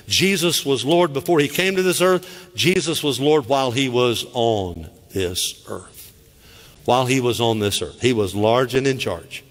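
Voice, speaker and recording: A middle-aged man with a Southern US accent preaching a lively sermon as pastor in a church, acting out quoted voices with sharp high cries. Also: normal speed. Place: church sanctuary. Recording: church sanctuary with long reverb.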